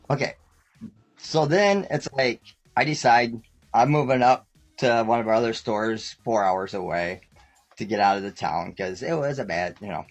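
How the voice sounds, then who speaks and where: A man guest on a talk show, telling rambling stories casually, often laughing and acting out quoted lines. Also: lowish voice. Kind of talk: casual storytelling.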